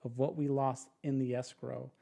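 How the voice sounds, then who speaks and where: A young male podcast guest relays an anecdote in relaxed conversation, animated as he imitates others and restarts in quick bursts. His pitch is medium, with vocal fry.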